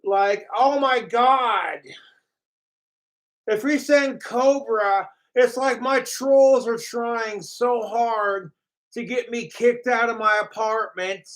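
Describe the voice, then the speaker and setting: A man ranting on a live stream from his apartment, his voice sitting high for a man. He drags his words out slowly, swearing constantly and mocking others as he rambles along. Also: fairly bright tone. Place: home apartment.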